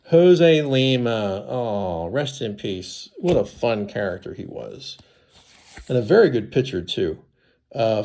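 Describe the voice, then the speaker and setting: Slow, stuffy-voiced man reading out cards. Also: medium pitch, darkish tone. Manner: reads names slowly, chatty asides. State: congested from sinus trouble. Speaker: collector unboxing baseball cards. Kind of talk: casual unboxing commentary.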